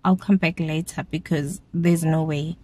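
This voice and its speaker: Relaxed South African woman vlogging. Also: sits low, measured pace. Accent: South African, mixing in isiZulu words. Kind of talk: casual vlog to camera.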